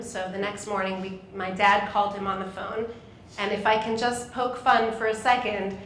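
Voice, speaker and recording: Middle-aged woman moderator, emotional storyteller, hall mic with room echo and faint hiss. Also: mid-range voice. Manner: emotional, animated, acts out voices in her story. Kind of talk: personal storytelling to an audience. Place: synagogue hall. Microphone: microphone in a hall. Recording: echoey hall with faint noise.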